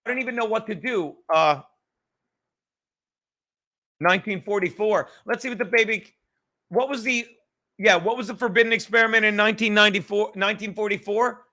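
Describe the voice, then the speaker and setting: A comedian hosts a livestreamed podcast from home in a cluttered room, chatting casually and rambling with lots of swearing and jokes. His voice is high and sharp-toned, brisk, with frequent pauses.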